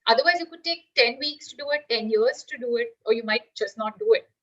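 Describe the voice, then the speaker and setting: A woman's voice: fairly high pitch, brisk, a bit bright, highs cut off. A woman teacher giving a live online class, explaining with everyday examples and asking the class questions.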